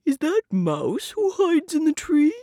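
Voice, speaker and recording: A woman voicing a big, gentle, curious male bear in a storybook reading, calling out slow, puzzled questions. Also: sits high, wildly swooping pitch, no room sound, studio quality, voice pushed up, heavily acted.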